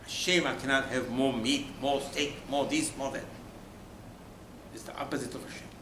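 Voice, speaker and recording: A rabbi delivers an emphatic Torah sermon in a steady, mid-range voice at a moderate pace, peppering his listeners with rhetorical questions before abruptly sinking to a near-whisper. The room sounds spacious, with faint background noise.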